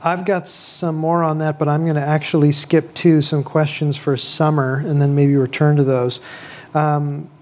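A man's voice: on the high side, level tone, normal speed, a little mellow. A man moderating a church panel, reading out audience questions and inviting the panelists to respond.

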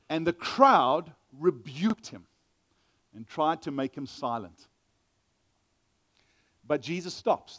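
A male pastor preaching an animated sermon, reading scripture aloud and acting out the voices of the people in it. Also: on the high side. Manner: animated Bible reading and teaching with dramatic voices.

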